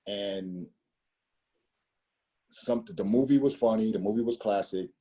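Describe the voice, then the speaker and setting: A man in his fifties spins a rambling personal story, circling back and repeating himself. His voice sits low and sounds husky. It has a dark, mellow tone. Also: measured pace. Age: 50s. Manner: rambling, repeats words, street slang. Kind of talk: casual storytelling conversation.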